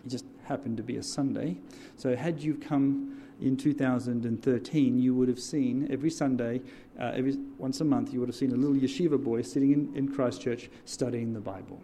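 A man's voice: medium pitch, a little fast, hardly any pauses, a little hiss or hum. A man who serves as a church deacon, telling a story in a sermon and drawing answers from his listeners. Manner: animated, call-and-response with audience.

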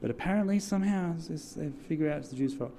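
Deacon guy giving a sermon, warm low-key tone, keeps asking the crowd yes?. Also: quick pace, slight background noise. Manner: animated, call-and-response with audience. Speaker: church deacon. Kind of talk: sermon storytelling.

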